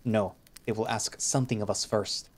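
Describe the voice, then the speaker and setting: A man's voice: fairly low pitch, fairly even intonation, moderate pace, lightly acted. A man voicing a stoic male creature warrior who speaks formally, in a visual novel reading. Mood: calm. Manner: formal speech without contractions.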